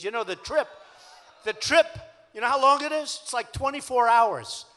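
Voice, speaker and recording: A man's voice: extremely high pitch, lively intonation, moderate pace, pushed and bright. An older man with a New York accent giving a boastful, repetitive, conversational campaign rally speech in a large civic hall. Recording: echoey hall.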